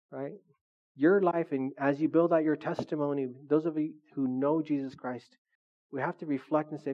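A man's voice: fairly high pitch, highs cut off. A pastor preaching a conversational, humorous sermon, often asking his congregation questions.

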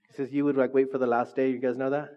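A man's voice: medium pitch, little pitch movement, racing, dull audio. A man preaching a casual sermon as pastor, chatty and joking with the congregation.

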